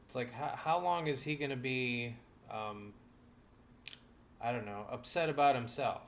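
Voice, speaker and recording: A man co-hosting a relationship podcast, giving frank, gruff advice in casual chat. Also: medium pitch, measured pace. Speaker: podcast co-host. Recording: noisy podcast recording.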